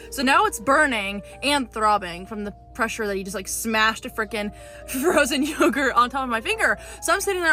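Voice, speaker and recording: A woman telling a storytime clip to her viewers, indignant and animated. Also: a little high.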